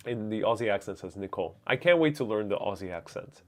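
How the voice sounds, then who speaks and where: A man's voice: lowish voice, lively intonation, quick pace, few pauses, soft background music. Young guy doing a live q&a outside, reads chat and answers, lapel mic. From United States. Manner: chatty, reads viewer comments aloud and answers them. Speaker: host. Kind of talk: live-stream Q&A. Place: out on city streets during a live stream. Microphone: wireless lapel mic.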